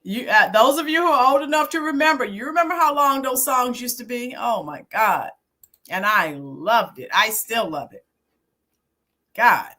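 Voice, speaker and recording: On a casual live stream, a middle-aged YouTube host and teacher reminisces and answers viewers by name. Her voice sits on the high side, pushed and bright, with lively intonation at a normal speed.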